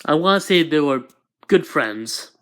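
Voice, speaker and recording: A man's voice: on the high side, expressive, measured pace. A man improvising a fan story as narrator, hesitant and often restarting his sentences.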